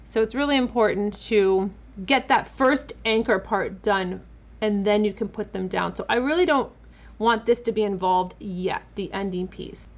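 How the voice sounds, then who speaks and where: A woman's voice: medium pitch, moderate pace. A woman who works as a makeup artist, talking casually and enthusiastically while showing a beauty product, often repeating words as she works. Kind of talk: casual product demo tutorial. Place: home studio.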